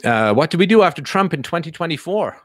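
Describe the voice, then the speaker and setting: A man's voice: a little high, sing-song, quick pace, fairly bright tone, dry recording, clean studio sound. A man hosting a casual livestream, answering viewer questions while thinking aloud with many fillers.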